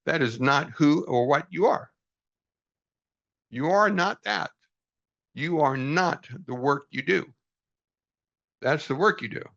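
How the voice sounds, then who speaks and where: A man's voice: fairly high pitch, expressive, slow, creaky, long pauses, fairly bright tone. An older man reading from a book aloud and reflecting on it in an earnest, folksy, self-deprecating way, on a dull lo-fi recording. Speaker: book study host.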